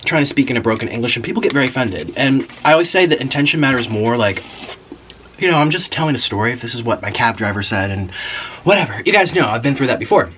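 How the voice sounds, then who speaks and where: A man's voice: medium pitch, animated, fast talker, a bit bright, a little hiss or hum, poor audio. A man hosting an eating video, chatting casually and rambling while he eats and murmurs with each bite. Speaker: mukbang host.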